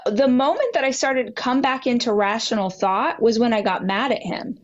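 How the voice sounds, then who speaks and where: A woman guest on a podcast telling a personal story with animated delivery, acting out dialogue with big jumps in pitch. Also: a little fast, lo-fi sound. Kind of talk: candid storytelling in a podcast interview.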